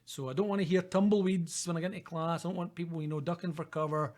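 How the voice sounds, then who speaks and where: A man's voice: fairly high pitch, steady tone, fast, a little mellow. A middle-aged man with a Scottish accent giving a recorded university lecture in a chatty, informal way, often checking in with "okay?" and "guys".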